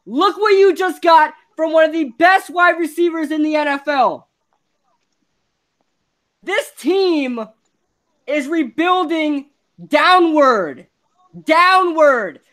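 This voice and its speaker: A woman's voice: high-pitched, takes it slowly, pauses often, a bit bright. A woman hosting a live sports podcast, ranting in exasperation and repeating herself. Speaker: podcast host.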